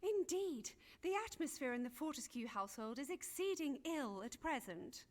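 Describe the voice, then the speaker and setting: A woman's voice: high-pitched, big pitch swings, normal speed, darkish tone. An actress playing a flustered, gossiping Elizabethan noblewoman who speaks in chatty, dramatic archaic phrases in a video game.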